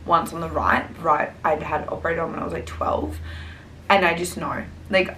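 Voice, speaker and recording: A woman's voice: lowish voice, fairly bright tone. A woman in her thirties, chatting casually to camera in a rambling way, full of "like" and "um". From Australia. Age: 30s. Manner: chatty and rambling, many fillers such as like and um. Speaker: vlogger. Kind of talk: casual vlog chat to camera. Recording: echoey room, faint background noise.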